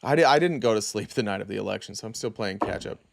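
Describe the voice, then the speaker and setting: A man's voice: fairly low pitch, lively intonation, fast talker, gravelly, dry recording, studio quality. A tired man hosting a casual live stream, reading viewer comments aloud in a loose, rambling way full of fillers.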